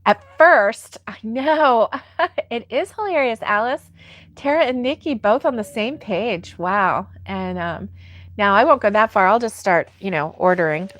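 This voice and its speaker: A woman's voice: mid-range voice, animated, unhurried, muffled recording. A woman hosting a casual crochet livestream, reading viewer comments aloud and laughing often. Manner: giggly, laughs often, soft-hearted.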